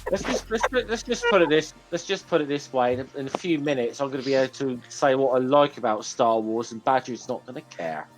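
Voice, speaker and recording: A man's voice: mid-range voice, a little fast, hardly any pauses, music in the background, poor audio. A man chatting with friends on a video call, joking around and stumbling into his points. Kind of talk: casual group chat on a video call.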